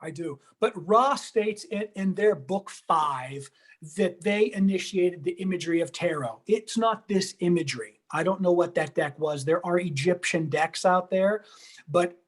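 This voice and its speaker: A man's voice: high-pitched, unhurried. A man being interviewed over a video call, earnest and enthusiastic, often repeating words as he searches for them. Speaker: guest, tarot teacher.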